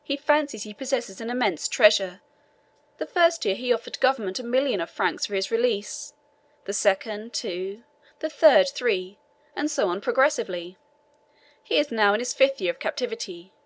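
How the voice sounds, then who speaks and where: A woman's voice: on the high side, lively intonation, normal speed, no room sound. A woman reading a dry, knowing prison governor. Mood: dismissive. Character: weary male prison governor, dismissive.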